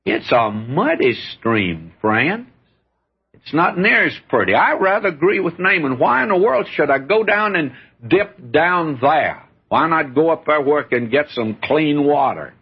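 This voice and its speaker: A man's voice: on the high side, big pitch swings, measured pace, breathy edge. An older man preaching a sermon in a folksy, earnest way, often calling his listeners friend. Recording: dull lo-fi sermon recording.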